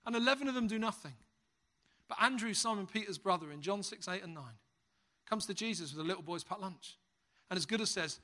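A British man delivers a sermon with a bright, ringing voice that sits high for a man. He tells stories with comic timing and lively energy. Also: a little fast. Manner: humorous, lively storyteller. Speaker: preacher.

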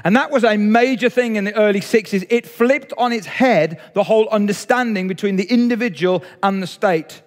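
A man's voice: high-pitched, moderate pace, hardly any pauses, long reverb tail. A man preaching a sermon in a chatty way, talking straight to his church and an online audience. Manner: conversational, audience-engaging preaching. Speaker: pastor. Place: church hall, streamed online.

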